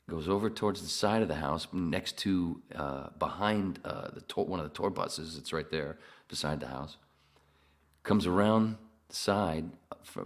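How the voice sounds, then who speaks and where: A podcast host with a very deep voice spins a long, loose story. He swears freely, laughs at his own tale, and speaks in casual conversation.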